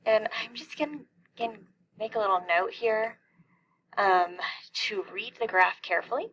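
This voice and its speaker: A woman's voice: mid-range voice, lively intonation, normal speed, a bit bright, highs cut off. A middle-aged woman teaching a calculus lesson, explaining each step and asking questions that she then answers herself. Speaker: math teacher.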